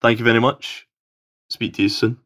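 A man's voice: mid-range voice, flat delivery, moderate pace, bright, forceful tone. A man from Scotland with a Scottish accent, leaving an eager, chatty call-in message as a fan. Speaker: caller.

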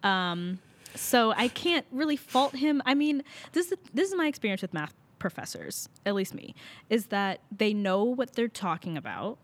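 A woman's voice: a little high, big pitch swings, normal speed. A young woman, a college student, chatting casually and laughing often, with lots of fillers. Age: young adult. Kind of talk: casual chat.

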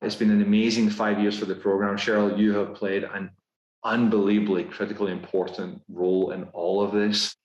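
A man with a Scottish accent, a guest talking in a casual podcast interview, brisk and upbeat with lots of fillers. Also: lowish voice, flat delivery, darkish tone, muffled recording. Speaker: guest executive. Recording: roomy echo.

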